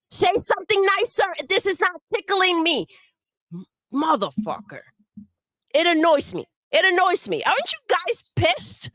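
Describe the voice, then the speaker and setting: A woman's voice: very high voice, fairly bright tone, no room sound. A woman delivering a profane, scornful rant full of swearing. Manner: scornful, swearing, mocks with put-on voices. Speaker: livestream segment voice.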